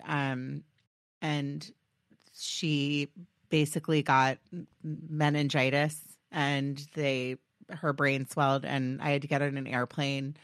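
A woman hosting a podcast, talking in a halting, heartfelt way with many pauses and ums as she gets emotional. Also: deep voice, no echo, studio quality. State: getting emotional. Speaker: podcast host.

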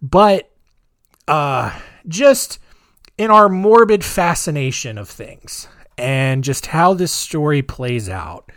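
A man in his thirties hosting a podcast, rambling in a chatty way with dark sarcastic humor. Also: on the high side, lively intonation, takes it slowly, no echo, studio quality. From United States. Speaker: podcast host. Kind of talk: casual podcast monologue.

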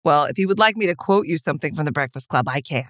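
A woman's voice: deep voice, expressive, fast, no echo. A woman co-hosting a casual podcast chat, playful and wry, poking fun at herself as she guesses movie quotes. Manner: playful, wry, self-mocking. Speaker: podcast co-host.

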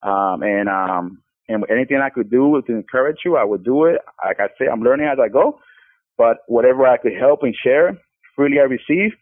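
A man's voice: medium pitch, lively intonation, fairly quick, no echo. Earnest man on a tinny phone line. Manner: earnest, stumbling restarts. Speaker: podcast guest. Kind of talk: casual Christian testimony.

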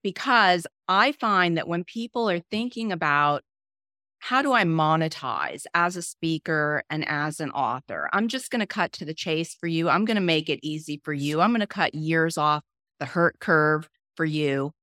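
Woman podcast host, middle-aged, emphatic, repeats phrases, crisp voice, dry close sound. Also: deep voice, animated, normal speed, sharp tone, no room sound. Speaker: podcast host and business coach. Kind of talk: casual podcast chat.

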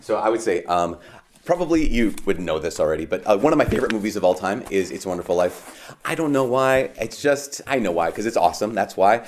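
A man with a fairly low voice reads scripture steadily and solemnly as a priest. He then slips into a loose, conversational homily full of fillers and quick asides. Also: lively intonation, a little hiss or hum. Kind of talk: Gospel reading and casual homily.

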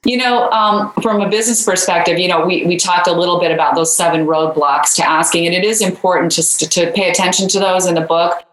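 A woman's voice: lowish voice, steady tone, brisk, hardly any pauses, a bit bright, roomy sound, slight background noise, rough recording. A woman guest author in an interview, telling a story in a loose conversational way with many fillers.

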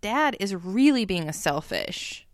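Smooth-voiced woman, opinionated podcast co-host. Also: medium pitch, measured pace, no room sound. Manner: opinionated, animated, quotes characters in paraphrase. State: tipsy from drinking. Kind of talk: casual chat recap.

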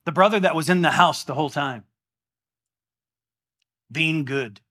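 A man preaching a sermon in a church, animated and exclamatory in a conversational way. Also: a little high, a little slow. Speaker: pastor.

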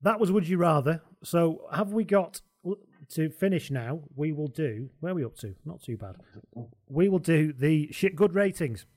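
A man's voice: fairly high pitch, lively intonation, moderate pace, darkish tone. Man hosting with dry jokes. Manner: dry, jokey delivery. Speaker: podcast host. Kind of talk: casual chat.

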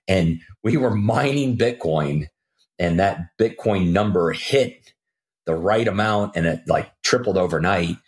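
A middle-aged man, a podcast guest, telling a story in casual talk and acting out the quoted lines with jumps in pitch. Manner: animated, acts out quoted dialogue with jumps in pitch.

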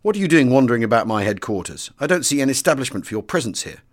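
A man's voice: medium pitch, big pitch swings, quick pace, lightly acted. A man voicing a brusque, truculent middle-aged senior air officer in an audiobook, speaking in curt, demanding bursts. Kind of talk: audiobook character voice.

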